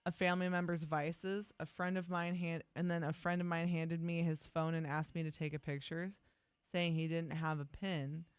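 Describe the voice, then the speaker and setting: A woman's voice: fairly low pitch, normal speed, clean tone, no room sound. A young woman co-hosting a radio show, chatting casually and emphatically. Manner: animated, emphatic, swings into mock voices. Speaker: radio co-host. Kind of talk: casual morning radio banter.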